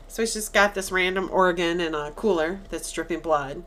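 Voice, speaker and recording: A woman's voice: fairly low pitch, moderate pace, hardly any pauses, a little hiss or hum. A woman co-hosting a podcast, casually retelling a movie scene by scene and acting out quoted lines. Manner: animated, acts out quoted lines with laughs. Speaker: podcast co-host.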